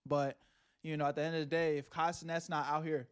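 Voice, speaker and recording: A man's voice: a little high, level tone, a little fast, clean tone. A man giving laid-back, slangy reaction commentary with laughing asides. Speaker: reaction streamer.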